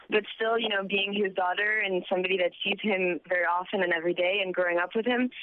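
A woman's voice: medium pitch, no room sound. Young woman on a tinny phone line. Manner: warm, relaxed, fillers like you know. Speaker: caller, guest on phone. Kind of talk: radio interview. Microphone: telephone.

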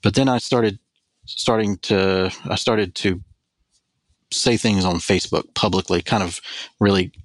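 Earnest, low-voiced man in his forties. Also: fairly even intonation, no room sound. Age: 40s. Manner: earnest, measured, thoughtful. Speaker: podcast guest, spiritual director. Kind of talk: reflective personal storytelling.

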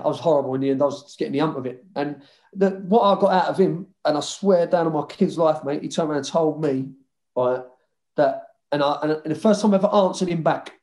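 Man, former footballer, casual interview, sweary, animated, quoting people. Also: on the high side. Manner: swearing, animated retelling with quoted dialogue.

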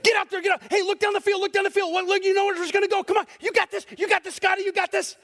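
A man voicing a pushy soccer dad yelling orders from the sideline. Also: very high voice, little pitch movement, very fast, pitched above the performer's own voice. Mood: urgent. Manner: shouting coaching orders.

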